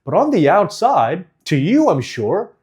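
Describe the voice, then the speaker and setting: A male speaking coach talks in a slightly high, very lively voice. He over-enunciates every syllable, leans on key words and drops in short pauses as he teaches. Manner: deliberate, over-enunciated, emphatic. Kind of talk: instructional course.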